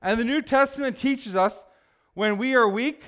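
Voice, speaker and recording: A male pastor preaching a sermon, swinging from quiet asides to loud, emphatic exhortation. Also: very high voice, moderate pace, clean tone.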